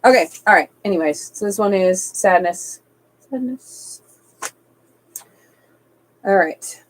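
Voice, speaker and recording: A woman's voice: mid-range voice, lively intonation, slow, pauses often, low-quality recording. A woman doing a live-streamed tarot reading, reading card texts aloud evenly and slipping into casual, chatty asides. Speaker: tarot reader.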